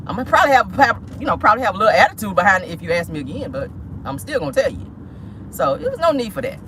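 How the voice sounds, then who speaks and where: Woman vlogger, loud and expressive pitch, sassy live chat from her car, clear road noise. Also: racing, poor audio. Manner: animated, sassy, dramatic, talks straight to viewers. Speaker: vlog host. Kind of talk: casual live-stream chat. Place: parked car.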